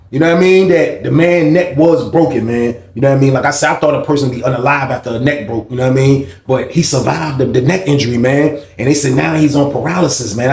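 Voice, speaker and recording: A man's voice: a little high, darkish tone, roomy sound. A man casually telling a story from his time in jail, swearing freely and often asking "you know what I mean".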